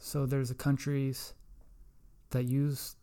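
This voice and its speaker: Mellow-voiced man ranting crudely. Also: mid-range voice, completely flat delivery, slow. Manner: profane, rambling, self-mocking. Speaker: podcast host. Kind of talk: casual solo podcast rant.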